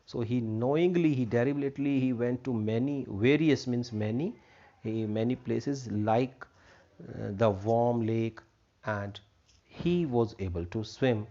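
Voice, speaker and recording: Man, English teacher, slow deliberate talk, repeats and defines words, dull lo-fi sound. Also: mid-range voice, dark tone. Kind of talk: explaining a textbook lesson. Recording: dull lo-fi recording.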